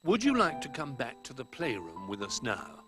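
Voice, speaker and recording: A man reading a storybook and voicing a small, eager young teddy bear boy with a high excited voice. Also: moderate pace, faint music behind. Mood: kind.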